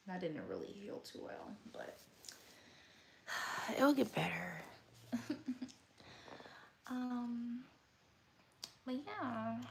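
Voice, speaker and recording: Slow, easygoing woman live-streaming at night. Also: mid-range voice, gravelly, a little hiss or hum. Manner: relaxed and rambling, with frequent hesitations. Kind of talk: casual late-night live stream chat.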